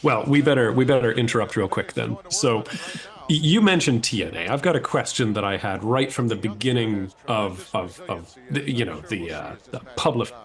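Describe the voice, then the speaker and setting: Lively rambling man, casual chat. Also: mid-range voice, moderate pace. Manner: rambling, animated storytelling with stammered restarts.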